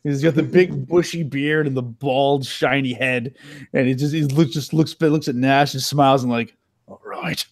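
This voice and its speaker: A man's voice: medium pitch, moderate pace. A man playing in a tabletop game, chatting casually and animatedly. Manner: laughing, animated. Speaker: player.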